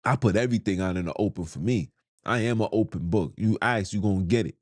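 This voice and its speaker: A man's voice: fairly low pitch, fast talker, darkish tone, no room sound, studio quality. A man, hosting a podcast in a blunt, heated, slangy monologue. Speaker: podcast host. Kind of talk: ranting monologue.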